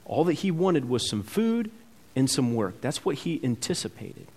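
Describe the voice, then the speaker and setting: Preacher swinging from loud to hushed. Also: male voice, medium pitch, big pitch swings, moderate pace, breathy edge. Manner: swings between loud emphatic peaks and quiet, intimate asides; acts out the characters' words as he reads. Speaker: pastor. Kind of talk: sermon.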